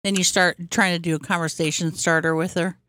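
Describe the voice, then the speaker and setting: A woman's voice: fairly low pitch, brisk, no room sound. A woman with a lisp co-hosting a comedy podcast, joking casually and slipping into impressions. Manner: animated, jokey, slips into impressions. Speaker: podcast co-host.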